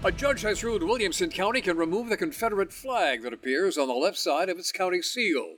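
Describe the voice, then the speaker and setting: A man reading local news on the radio in a steady, even delivery. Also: high voice, brisk, over music. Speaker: radio newsreader.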